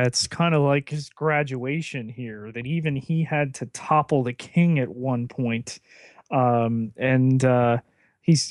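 A man co-hosting a podcast, breaking down an episode in a measured, analytical way and weighing the characters' motives and stakes. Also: medium pitch, dry recording. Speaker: podcast co-host. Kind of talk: casual episode recap.

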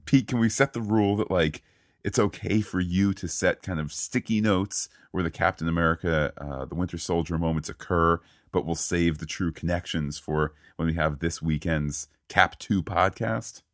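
A man's voice: low-pitched, normal speed, dry recording, clean studio sound. A man hosting a casual podcast, bantering playfully with his co-host and leading the show.

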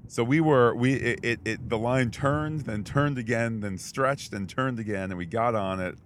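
A man's voice: mid-range voice, moderate pace, a little hiss or hum. A man co-hosting a podcast in casual chat, telling a story in a rambling way with many fillers and restarts. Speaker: podcast co-host.

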